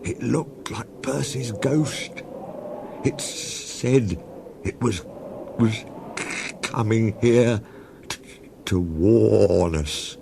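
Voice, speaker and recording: A jumpy little male engine , as a man puts him on, with a high, trembling voice that stammers as it goes. He sounds nervous and breathless. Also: big pitch swings, a little fast, few pauses, noisy background. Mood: frightened. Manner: shaky, stammering.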